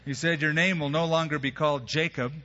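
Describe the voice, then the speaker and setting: A man preaching a sermon, telling the story in a casual, lively way and acting out the characters' lines in everyday phrasing. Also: fairly high pitch, fairly quick. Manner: storytelling, acts out biblical dialogue in casual modern phrasing. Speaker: pastor. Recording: dull sound, long hall reverb.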